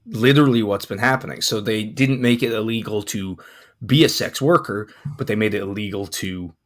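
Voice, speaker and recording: A man co-hosting a sex and dating podcast in casual chat, talking in a relaxed, rambling way with a croaky morning voice. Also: lowish voice, fairly quick. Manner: relaxed, rambling, frequent fillers. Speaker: podcast co-host.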